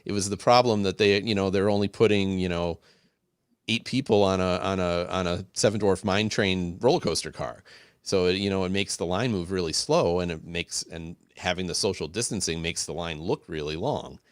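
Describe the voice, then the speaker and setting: Deep-voiced man co-hosting a podcast. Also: moderate pace, smooth, no echo, studio quality. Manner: rambling, many restarts, enthusiastic. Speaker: podcast co-host. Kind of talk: casual podcast chat.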